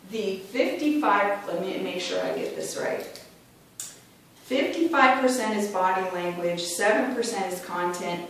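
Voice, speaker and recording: A woman's voice: medium pitch, recorded from a distance, a little hiss or hum. Chatty woman in an echoey room. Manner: chatty, acts out voices when quoting. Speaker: club speaker. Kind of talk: prepared club speech.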